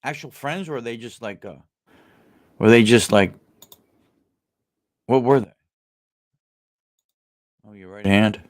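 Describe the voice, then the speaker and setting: A man's voice: medium pitch, slow, long pauses. A man hosting a live chat with viewers, talking bluntly with lots of swearing, fillers and restarts, and growing indignant. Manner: indignant, rising into outrage. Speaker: livestream host.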